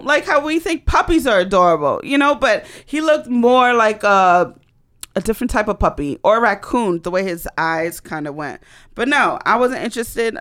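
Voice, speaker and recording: A woman with a medium-pitched voice recounts a personal story in a casual monologue. She is animated and blunt, piling on dramatic emphasis and swearing.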